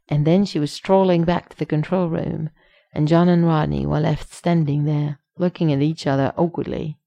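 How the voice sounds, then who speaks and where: A woman narrating a fan fiction story in a steady, measured reading voice. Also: deep voice, gravelly.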